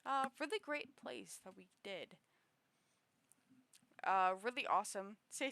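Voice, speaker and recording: A woman's voice: medium pitch, unhurried, vocal fry, pauses often, fairly bright tone, dry recording. A young woman streaming, chatting casually with lots of giggles and fillers. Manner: giggly, filler-heavy rambling. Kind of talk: casual chat on a livestream.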